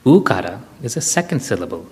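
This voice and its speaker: Low-voiced guy giving a spiritual talk, explains things step by step, big echoey hall. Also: big pitch swings, fast talker, a little mellow. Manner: explains step by step with everyday examples. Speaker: spiritual speaker. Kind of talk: spiritual lecture to an audience. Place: hall with an audience. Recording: reverberant lecture hall.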